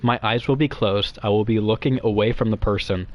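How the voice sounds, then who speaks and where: A man's voice: fairly low pitch, steady tone, highs cut off. A young man rambling crudely and nervously as a guest to some streamers, giggling as he goes. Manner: nervous, quick and quiet. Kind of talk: rambling comedic chat.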